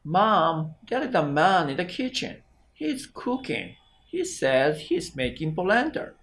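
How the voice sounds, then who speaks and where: A man voicing a grieving young child in a slow, careful read-aloud of a story passage. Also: fairly high pitch, very animated, fairly bright tone. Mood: upset.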